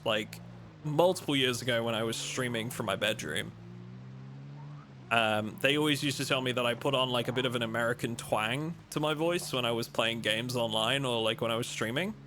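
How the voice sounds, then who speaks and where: A man's voice: medium pitch, moderate pace, bright, forceful tone, a little hiss or hum. A young man from England with a mild Lincolnshire accent, chatting casually and joking with his live-stream chat while playing a game. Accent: Lincolnshire English, mild.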